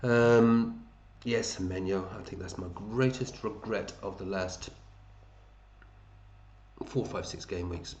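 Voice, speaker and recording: Man, deep voice, casual matey commentary, echoey room. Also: slow, a little mellow, slight background noise. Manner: chatty, matey, thinks aloud, hums to himself. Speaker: fantasy football league host. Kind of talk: casual commentary over a screen.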